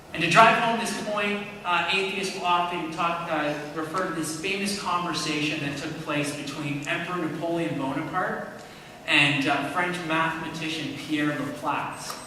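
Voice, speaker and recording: A man's voice: fairly high pitch, sharp tone, slight background noise. A man giving a conversational apologetics talk in a church, often checking in with his listeners. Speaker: Christian apologist speaker. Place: church hall. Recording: echoey hall from far off.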